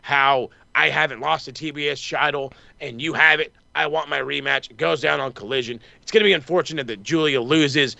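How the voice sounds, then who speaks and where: A slightly high, gravelly male voice, pushed and bright with fairly even intonation, drives a fast, angry wrestling recap on a podcast. He co-hosts the show, curses constantly and mock-quotes people, and the audio is muffled with no room sound.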